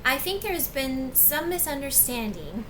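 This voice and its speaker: A woman's voice: sits high, sing-song, normal speed, background noise, pitched above the performer's own voice. A woman voicing a nervous, polite man who stammers while trying to please.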